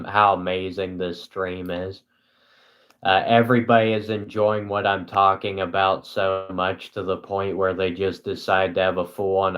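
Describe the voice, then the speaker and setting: A young man rambles to his live chat in a dry, self-deprecating monotone. His pace is slow, and his voice sits a little low. He sounds like a small-time streamer on a casual broadcast.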